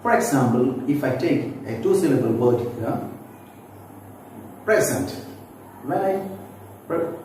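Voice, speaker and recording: A man teaching phonetics in a video lesson, explaining slowly and repeating himself with many asides. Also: medium pitch, animated, a little mellow. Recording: very echoey room, distant mic, faint noise.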